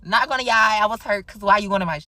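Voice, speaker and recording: A woman's voice: fast talker, heavy background noise. A young woman telling a personal story casually, acting out the dialogue with big jumps in her voice. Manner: animated, acts out quoted dialogue with big pitch jumps.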